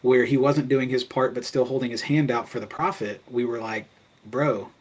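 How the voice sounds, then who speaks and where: A man's voice: mid-range voice, steady tone, fairly quick, poor audio. A man talking as a podcast guest, telling his business story in a candid, casual way full of "like" fillers. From Kentucky. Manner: candid, conversational, frequent "like" fillers.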